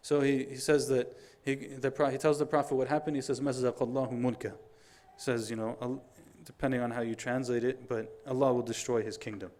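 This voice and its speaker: A fast-paced male preacher in middle age delivering a Friday sermon. He tells the story with lively energy and slips into the voices of the people in it, quick on his quotations, at an everyday mid pitch. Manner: animated storyteller, acts out dialogue, recites Arabic quotations quickly.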